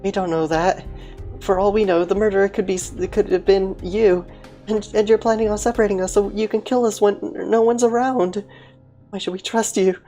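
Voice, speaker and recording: A woman's voice: mid-range voice, steady tone, a little fast, dark tone, soft background music, voice pushed up, natural voice. A woman voicing a nervous, panicky game character who stammers frantically. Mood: panicked.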